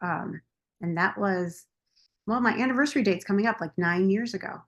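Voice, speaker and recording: A woman's voice: medium pitch, normal speed. A woman podcast guest and coach telling a candid personal story, open and confessional, often quoting her past self.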